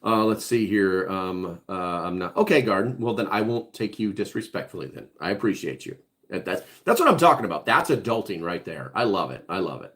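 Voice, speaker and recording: A man's voice: sits low, animated, a little fast, fairly bright tone. A middle-aged man hosting a casual livestream, reading chat comments aloud and answering bluntly, with many fillers and restarts. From Hawaii.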